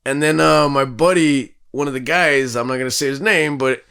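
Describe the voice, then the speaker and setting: A man's voice: mid-range voice, normal speed, few pauses, clear, resonant tone. A man co-hosting a podcast, telling a story in casual, profane talk and acting out what people said. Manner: profane, animated, acts out quotes. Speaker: podcast co-host.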